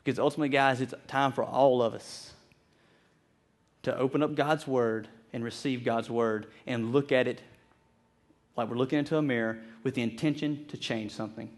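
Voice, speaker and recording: A man preaching a sermon to his congregation, earnest and animated, often repeating words as he builds his point. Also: mid-range voice, normal speed. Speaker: pastor.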